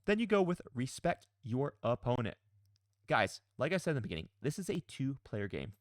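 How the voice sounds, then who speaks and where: A man's voice: a little high, dry recording. A man who plays and coaches a tabletop wargame, giving blunt, emphatic advice in a casual, mildly profane way. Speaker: pro player and coach.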